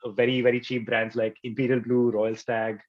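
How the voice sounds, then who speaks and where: A man's voice: medium pitch, level tone, brisk, muffled recording. A man, a podcast guest in casual conversation, laid-back and slangy, full of "like" and "man".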